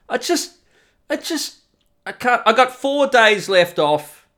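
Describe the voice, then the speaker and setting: A man's voice: very high-pitched, sing-song, slow, pushed and bright. Ranting, sweary man. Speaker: podcast host. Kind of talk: profane comic monologue.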